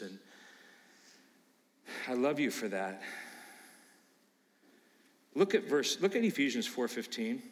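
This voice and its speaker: A man preaching a sermon as pastor, emphatic, swinging from low asides to loud preaching. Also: expressive, takes it slowly, long pauses, long reverb tail.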